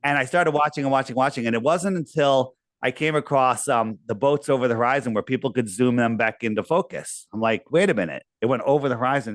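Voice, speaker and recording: A man's voice: mid-range voice, fast talker, hardly any pauses, dry recording. A man being interviewed, talking casually and telling a long, rambling story with quoted asides. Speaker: podcast guest.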